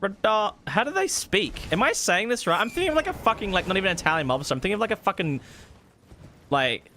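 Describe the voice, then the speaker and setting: A man streaming a video game, giving excitable live commentary, swearing freely and laughing often. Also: sits high, fast, slight background noise. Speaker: gaming streamer.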